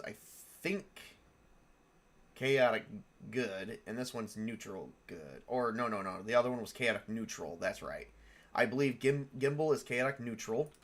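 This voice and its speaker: On a casual live stream, a man builds tabletop game characters, thinking aloud as he rambles, chuckling often and correcting himself. His voice is medium in pitch with a fairly bright tone, and he answers questions from viewers.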